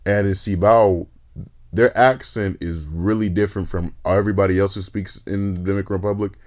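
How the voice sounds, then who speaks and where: A man hosting a podcast in casual chat, telling stories in an animated, joking, profane way. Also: fairly low pitch. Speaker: podcast host.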